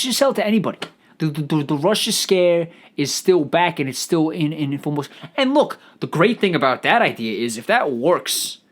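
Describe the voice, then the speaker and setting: A man hosting a solo comedic podcast, riffing out loud in a profane, stammering ramble. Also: fairly high pitch. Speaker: podcast host.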